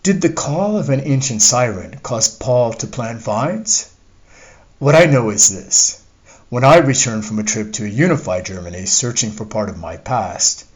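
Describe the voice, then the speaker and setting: Man reading a reflective memoir. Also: fairly low pitch. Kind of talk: audiobook narration of a memoir.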